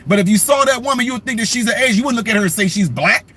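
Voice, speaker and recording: A man hosting a political commentary vlog who rants emphatically and speaks directly to his audience. His voice sits high for a man. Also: fast talker, hardly any pauses, bright, forceful tone, slightly rough. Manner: emphatic, ranting, talks straight to viewers.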